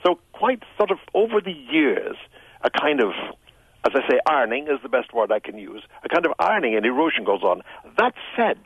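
An older man from Ireland with a soft Irish accent, smoothed by years in London, speaking as a radio guest in a reflective, musical way. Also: medium pitch, sing-song, brisk, lo-fi sound. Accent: Irish, Tipperary, smoothed by years in London. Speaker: radio show guest, writer. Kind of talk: relaxed radio conversation.

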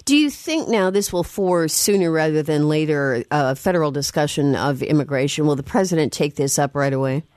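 Woman, radio talk host, low pitch, dry studio sound, measured delivery. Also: expressive, darkish tone, no echo. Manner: measured, clear, repeats contact details slowly. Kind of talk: public radio call-in interview. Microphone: studio microphone.

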